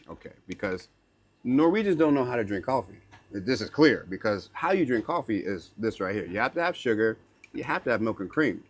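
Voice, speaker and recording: A young man with a lowish voice vlogs a casual story to camera, lively and slangy, leaning on "like" and "right?" He keeps slipping in learner-level Norwegian words and phrases.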